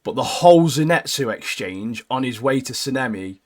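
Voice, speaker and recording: Chatty man saying "mate" a lot. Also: normal speed. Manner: animated, keeps adding "mate", jumps into high squeaky voices when quoting characters. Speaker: podcast co-host. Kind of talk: casual anime recap chat.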